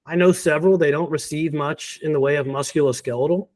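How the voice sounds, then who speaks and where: A man in an interview, confidently explaining why pain is a sign of a deeper problem, with a laugh now and then between points. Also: fairly even intonation, fast talker, a little mellow. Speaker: physical therapy guest. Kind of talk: conversational interview.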